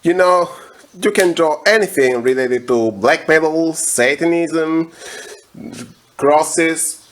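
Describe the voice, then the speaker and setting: Slow deadpan man explaining, bright voice. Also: a little high. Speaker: music tutorial host. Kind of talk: deadpan comedic tutorial.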